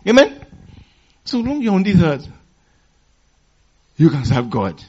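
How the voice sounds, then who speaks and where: Husky, animated man preaching a sermon. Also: sits high, takes it slowly. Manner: call-and-response preaching, asking the congregation to finish phrases; storytelling with chuckles. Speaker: pastor. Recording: dull lo-fi recording.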